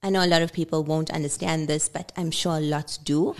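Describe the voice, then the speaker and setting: A woman in her thirties, a podcast guest, chatting casually and telling an animated story, acting out the voices of the people in it. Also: low-pitched, a little fast.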